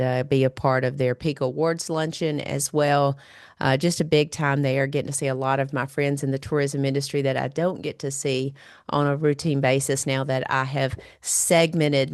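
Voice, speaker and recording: Nasal low-voiced woman host. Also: clear, resonant tone, dry recording, studio quality. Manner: rambling, many fillers. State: nasal, recovering from a cold. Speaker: podcast host. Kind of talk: casual podcast monologue.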